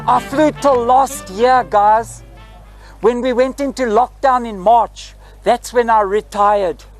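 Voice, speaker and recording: A South African man in his sixties, a retired flight attendant guiding a group through a parked airliner in a lively, theatrical way, tagging his lines with "eh?". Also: very high-pitched, takes it slowly, soft background music, low-quality recording. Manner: lively, theatrical, tag questions like "eh?". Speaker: tour guide. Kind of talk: guided tour talk to a group. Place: inside a parked airliner cabin.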